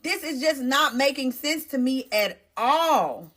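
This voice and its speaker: A young adult woman narrates something that happened to her, addressing her viewers in an emotional, animated storytime. She has a high voice and takes a slow pace.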